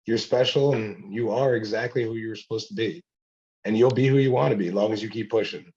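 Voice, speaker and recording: A male host speaks emphatically in a casual chat, offering encouragement. His voice is husky and slightly breathy. The recording sounds a bit muffled and lo-fi. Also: fairly low pitch, brisk, darkish tone.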